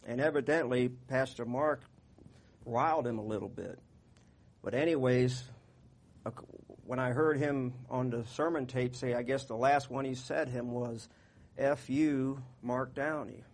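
A man with a gravelly, creaky voice preaches a sermon in plain, folksy talk. His voice rises and gets louder when he reads the scripture verses aloud. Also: medium pitch, normal speed. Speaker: pastor.

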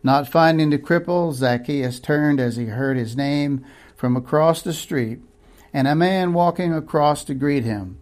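A man's voice: on the high side, a little slow, darkish tone. Male preacher, dramatic sermon storytelling, vivid scene-by-scene narration.

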